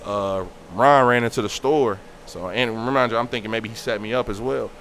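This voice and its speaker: A man's voice: medium pitch, normal speed. Young man, casual storyteller who acts out the voices, slight background hiss. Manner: animated, acts out quoted voices. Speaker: guest telling a story.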